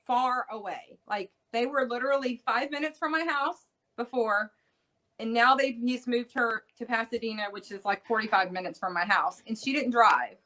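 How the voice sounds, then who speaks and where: Middle-aged woman on an interview, higher voice, earnest, lots of stops and restarts. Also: bright, forceful tone, rough recording. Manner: earnest, halting, with many restarts and repeated words. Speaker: interview guest, bereaved mother. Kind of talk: casual interview talk.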